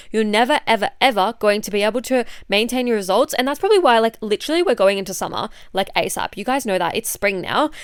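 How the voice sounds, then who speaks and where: A woman's voice: a little high, clean tone, dry recording, clean studio sound. A woman with an Australian accent, a fitness coach and podcast host who is a bit unwell, talking in a blunt, chatty, swear-heavy way. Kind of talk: casual chat monologue.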